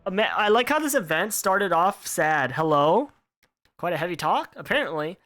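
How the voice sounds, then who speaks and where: A male streamer chats casually while playing, rambling and restarting his sentences. His pitch is lively, swinging up and down as he talks. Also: moderate pace, faint music behind. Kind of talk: casual game playthrough commentary.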